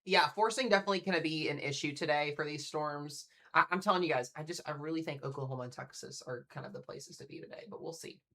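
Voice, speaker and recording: A fast-talking man runs a live storm-coverage stream from home, his voice bright and forceful. He chats eagerly and speaks directly to the people watching. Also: fairly high pitch. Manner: chatty, excitable, talks straight to viewers. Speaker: severe weather live streamer. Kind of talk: casual live weather commentary.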